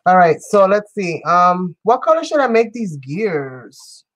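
A woman's voice: lowish voice, very animated, a little slow, poor audio. Playful chatty woman crafting live. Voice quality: playful, giggly, chatty with the viewers. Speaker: crafting channel host. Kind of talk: live crafting demonstration chat.

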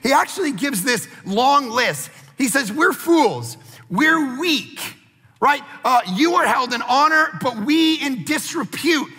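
High-pitched, animated male preacher. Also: takes it slowly, big-room sound. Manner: animated storytelling preacher, acts out family dialogue. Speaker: pastor. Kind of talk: sermon.

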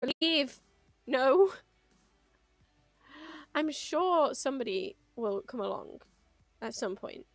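A woman casually streams a game, playfully chatting and coaxing the creatures on screen in an animated, slightly high, gravelly voice at an unhurried pace. The recording is dry and close-miked, with faint music underneath.

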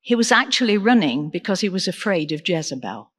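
A woman deacon preaching a sermon in an earnest, measured way, asking the congregation questions. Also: fairly low pitch, sing-song, in a large hall. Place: church.

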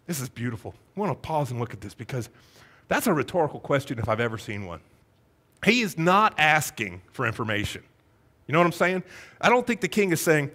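A man preaches in an animated, storytelling way, putting on voices for the characters and firing rhetorical questions at his listeners. His voice sits a little high and swings widely in pitch as he builds the story. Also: fairly quick. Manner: conversational, rhetorical questions to the congregation. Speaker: pastor. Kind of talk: sermon.

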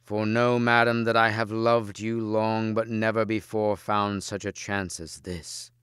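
A man's voice: on the low side, flat delivery, a little slow, fairly bright tone, clean tone, dry recording, studio quality. A man voicing a treacherous scheming knight.

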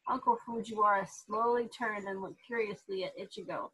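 A woman reading a children's book aloud in an expressive storytelling manner. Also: medium pitch, moderate pace, hardly any pauses, breathy edge, poor audio. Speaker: reader to therapy dogs.

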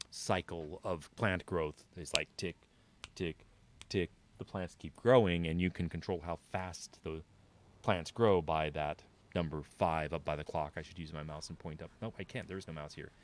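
Guy with a really low voice rambling through his game stream, kinda thinking out loud. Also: a little hiss or hum. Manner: rambling, thinking aloud to viewers. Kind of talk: casual gameplay commentary.

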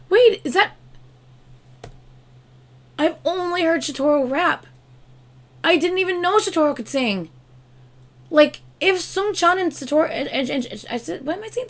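A woman's voice: very high voice, moderate pace, long pauses. A young woman hosting a reaction video, gushing with emotion and exclaiming often over what she watches. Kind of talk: casual reaction commentary. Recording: loud music video playing behind. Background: music.

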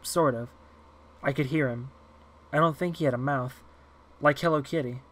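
A man voicing a timid eight-year-old girl who talks softly and quietly in an audiobook reading. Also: medium pitch, normal speed, lightly acted. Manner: soft and hushed.

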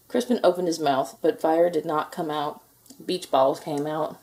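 A woman reading a children's picture book aloud in a gentle, expressive storytelling manner. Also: low-pitched, moderate pace, vocal fry. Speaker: storybook reader.

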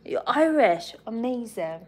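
A woman's voice: a little high, big pitch swings, a little slow, slightly rough. A woman from England hosting a casual live stream, chatting and giggling with viewers and her pet bird.

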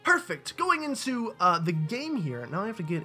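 A man's voice: sits high, sing-song, normal speed, hardly any pauses, sharp tone, faint music behind. A young man casually commentating a video game, rambling and joking as he explains rules. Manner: rambling, joking, lots of fillers. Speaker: let's play gamer.

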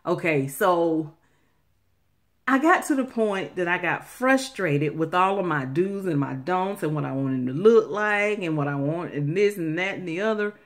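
A woman's voice: fairly low pitch, lively intonation, moderate pace. A woman giving earnest, Bible-based relationship advice to her viewers, talking to them directly and repeating phrases for emphasis. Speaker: faith-based relationship vlogger.

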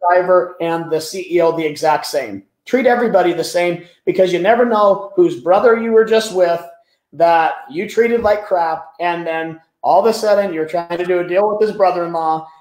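Speaking as an interview guest, an animated man shares business anecdotes in a fairly high-pitched voice, often doubling back on his words. His pace is normal, and there's an echo suggesting an empty room.

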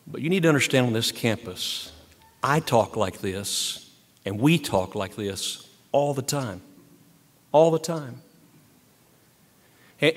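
An older man, a university president, giving an earnest, emphatic ceremonial speech at a podium and repeating key words for weight. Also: medium pitch. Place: large hall. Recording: long hall reverb.

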